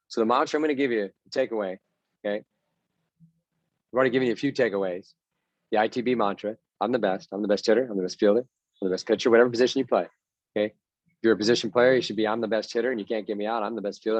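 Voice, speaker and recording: A man's voice: fairly low pitch, no echo, lo-fi sound. A man giving a motivational talk to baseball players as their mental coach, punchy and repetitive, having them chant mantras.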